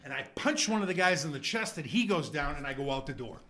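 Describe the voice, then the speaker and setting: Brief: middle-aged male comic, high voice, swoops wide, salty animated storyteller. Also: fast talker. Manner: profane, acts out voices of others in the story. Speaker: guest comedian.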